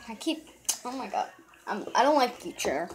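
A woman's voice: on the high side, big pitch swings, moderate pace, a little hiss or hum, rough recording. A young woman rambling casually to the camera in a bedroom, filming on a handheld phone and using lots of fillers. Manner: rambling, full of fillers like "so" and "yeah". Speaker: vlogger. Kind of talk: casual vlog chat. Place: bedroom indoors.

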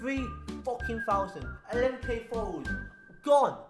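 A man's voice: very high voice, expressive, normal speed, loud music behind the voice. Stressed, swearing young man. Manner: swearing, stressed, repeating himself. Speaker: vlogger. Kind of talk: angry vlog rant. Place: room at home.

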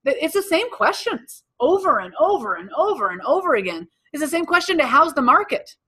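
Upbeat woman workshop coach, bright voice, draws answers from the room and echoes them back. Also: high voice, a little fast. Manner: energetic, quizzes the room and repeats answers back. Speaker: real estate sales trainer. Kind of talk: live workshop lesson with audience questions. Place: training room with live audience.

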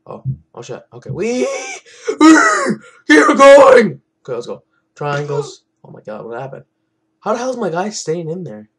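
Young guy rambling over a game he's playing, swears a lot, keeps mumbling off quieter, just chill commentary. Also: a little high, big pitch swings, a little fast. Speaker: gaming channel host. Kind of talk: casual gameplay commentary.

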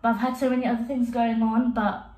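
A woman's voice: a little high, flat delivery, fast talker, low-quality recording. A young woman chatting casually in a vlog, rambling and giggly, filmed on a handheld phone out and about. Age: young adult. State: out of breath. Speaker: vlogger. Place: outdoors on busy streets and in a restaurant. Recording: loud street crowd and traffic behind.

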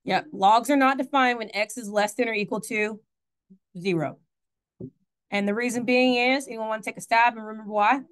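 A woman's voice: on the high side, fairly even intonation, normal speed, smooth. A woman teaching a math class in a classroom, chatty, asking the students questions and correcting her own slips.

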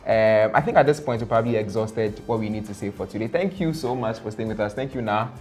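A man's voice: on the low side, quick pace, a little mellow, faint music behind. Easygoing man co-host. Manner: easygoing, agreeable, joking. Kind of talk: casual entertainment chat.

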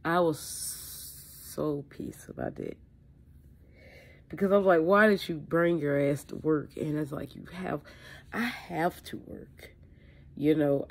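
Low, gravelly woman, sick and rambling. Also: takes it slowly, a little mellow. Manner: candid and rambling, with frequent fillers and mild swearing. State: sick with allergies, sneezing. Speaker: beauty vlogger. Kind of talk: casual chat to camera. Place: indoors at home.

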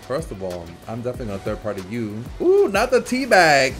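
A man giving live gameplay commentary as a channel host, in an animated, playful trash-talking way with frequent laughter. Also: mid-range voice, fairly quick, over music.

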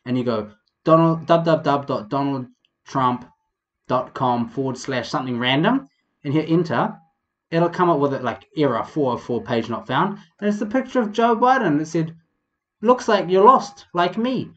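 A young man from New Zealand with a New Zealand accent, hosting a casual comedic vlog in a rambling, profane, animated way. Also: mid-range voice, moderate pace, dull audio. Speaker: vlog host.

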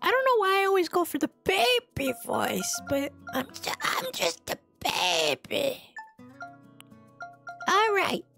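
A woman's voice: wildly swooping pitch, takes it slowly, sharp tone, soft background music, heavily acted. A woman putting on a cutesy baby voice while chatting through a video game stream, teasing herself about how silly it sounds. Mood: babyish, playful. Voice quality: high babyish voice with a gravelly edge. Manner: self-mocking, giggly. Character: cutesy baby-talking little girl. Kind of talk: livestream gameplay chatter.

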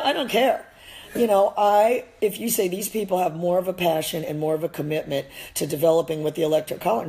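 A woman with a Midwestern American accent, an e-collar dog trainer, goes on a blunt, emphatic rant during a live stream, swearing freely. Her voice is on the low side and a little mellow, and the audio quality is poor.

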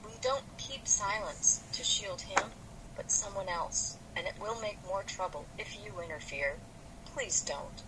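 A woman's voice: mid-range voice, a little slow, heavy background noise, natural voice. A woman reading aloud as a spirited young woman who pleads with an elder. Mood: pleading. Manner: reads aloud from a novel.

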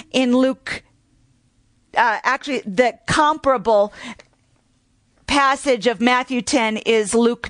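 A woman's voice: on the high side, no echo. A woman teaching the Bible in a methodical way, carefully citing and repeating scripture references.

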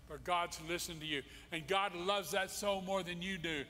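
A man's voice: sits high, moderate pace, few pauses, bright, forceful tone. A male pastor preaching a sermon, impassioned and emphatic, repeating his key phrases. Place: church sanctuary. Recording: long church-hall reverb.

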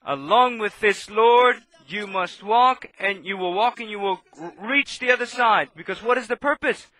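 A man preaching a sermon, impassioned and swinging between loud outbursts and hushed asides. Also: high voice, normal speed, no room sound.

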